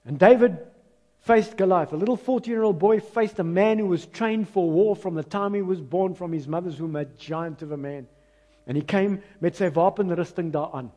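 A South African pastor preaching a sermon with an Afrikaans-mixed accent. He talks to the congregation conversationally, pokes fun at himself, and swings between loud, emphatic lines and hushed ones. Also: sits high, normal speed. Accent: South African, mixing in Afrikaans. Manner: self-mocking, conversational asides to the congregation.

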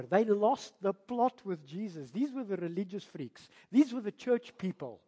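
South African pastor preaching in a hall. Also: male voice, high-pitched, moderate pace, hardly any pauses, husky. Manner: animated, emphatic, rhetorical questions to the congregation. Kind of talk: preaching a sermon. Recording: long reverb of a large hall.

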